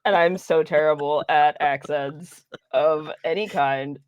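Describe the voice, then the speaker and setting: A woman's voice: deep voice, steady tone, a little slow, highs cut off, heavy background noise. Flustered, swearing woman. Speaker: player. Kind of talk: casual stream chat.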